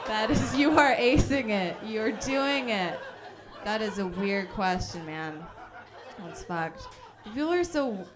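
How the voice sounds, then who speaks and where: A young woman from Calgary doing a self-deprecating, rambling stand-up set at a house party. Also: medium pitch. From Calgary, Canada. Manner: self-deprecating, rambling, full of fillers and giggles. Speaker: stand-up comic.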